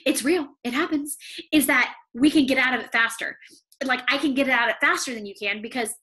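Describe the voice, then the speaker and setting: A woman's voice: sits high, brisk, bright, forceful tone. A woman giving a motivational talk to her sales team, chatty and full of "like" and "okay?", at times close to tears. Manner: emotional, near tears at times.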